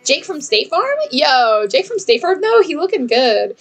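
A woman live-streaming a game in casual chat, bubbly and chatty, reading messages aloud and thanking viewers with excited squeals. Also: high-pitched, unhurried, faint music behind.

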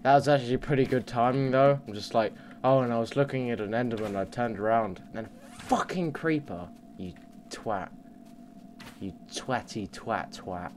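A man's voice: medium pitch, moderate pace. Young man, gameplay commentary, frequent swearing, faint room hiss, desk mic. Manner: swears a lot, mutters, bursts into loud yells. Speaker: let's play gamer. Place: home computer desk. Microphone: desk mic under the monitor.

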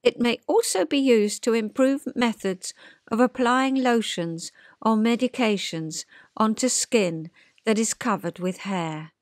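A woman's voice: a little high, a little slow. An older woman and retired counsellor giving a chatty, homely explanation in her vlog, full of rhetorical questions.

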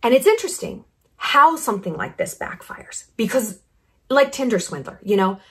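Woman, thirties, blunt sarcastic vlog rant, fairly high voice, animated delivery. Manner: brash, blunt and sarcastic, with quick asides. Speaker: YouTube commentator. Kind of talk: casual opinionated monologue.

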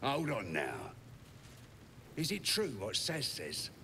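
An actor playing a gruff male goblin gatekeeper in a video game, with a gravelly, suspicious manner. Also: mid-range voice, wildly swooping pitch, takes it slowly, noisy background, heavily acted.

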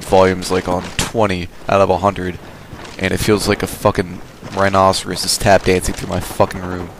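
A man's voice: deep voice, monotone, moderate pace, gravelly. Tired young man rambling over gunfire. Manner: rambling, swears a lot, jokey tangents. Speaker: gameplay commentator. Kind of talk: casual rambling commentary over gameplay. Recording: game gunfire noise behind.

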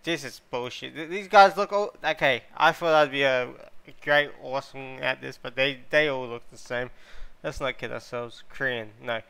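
Bright, crisp-voiced male gaming host. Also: medium pitch, moderate pace. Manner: excitable, swears freely, thinks out loud. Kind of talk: casual gameplay commentary.

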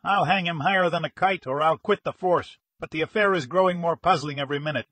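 A man voicing a gruff veteran police inspector who speaks in a firm, soothing way. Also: on the high side, fast, a bit bright, no room sound, pitched above the performer's own voice. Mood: determined.

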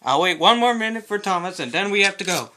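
A man's voice: high-pitched, expressive, quick pace, sharp tone, voice pushed up. A man doing a stern commanding railway boss. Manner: commanding, announcing.

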